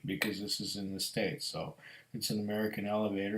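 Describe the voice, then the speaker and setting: A middle-aged man reviewing whiskey in a slow, musing, storytelling way. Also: on the low side, fairly even intonation. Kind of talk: casual tasting review. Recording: echoey room.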